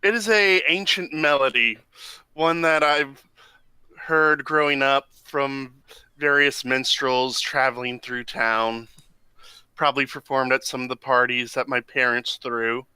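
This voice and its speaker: Man, tabletop player, very bright crisp voice, dry sound. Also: medium pitch, steady tone, unhurried, no room sound, low-quality recording. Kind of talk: tabletop game play.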